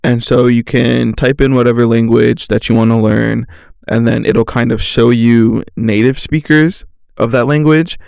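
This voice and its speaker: A man's voice: mid-range voice, steady tone, measured pace, vocal fry, darkish tone, smooth, dry recording, clean studio sound. A young man hosting a solo podcast, rambling casually through a story with lots of slang and "like" fillers, often laughing at himself. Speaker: podcast host.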